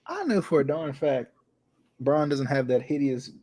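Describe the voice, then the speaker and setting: Rambling, slightly high-voiced male host. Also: normal speed. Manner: rambling, self-correcting, excitable. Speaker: podcast host. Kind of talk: casual chat.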